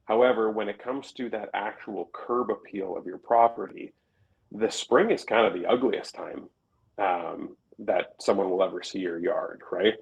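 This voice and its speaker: A man with a lowish voice co-hosts a podcast, talking things through in a plain, conversational way with everyday examples. The audio is dull and lo-fi. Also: moderate pace, vocal fry. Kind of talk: casual chat.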